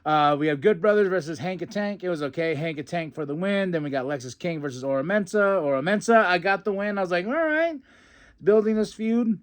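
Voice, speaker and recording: A man's voice: on the high side, quick pace, hardly any pauses, clean tone. A young man hosting a podcast, casually recapping a wrestling show and acting out the wrestlers' lines in put-on voices, with frequent laughs. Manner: animated, acts out quotes in put-on voices, laughs often.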